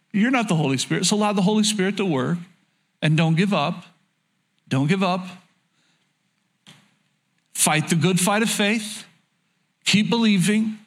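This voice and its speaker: A middle-aged man preaching from the pulpit with a noticeably high voice. He pleads earnestly, sinking soft and low, then lifts into urgent exhortation as he presses his point. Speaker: pastor. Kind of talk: sermon.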